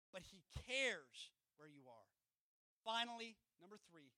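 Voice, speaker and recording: A man preaching a sermon in a casual, conversational way, retelling scripture in slangy everyday speech and swinging between loud emphatic peaks and hushed asides. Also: high voice, lively intonation, a little slow, long pauses, no echo. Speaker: pastor.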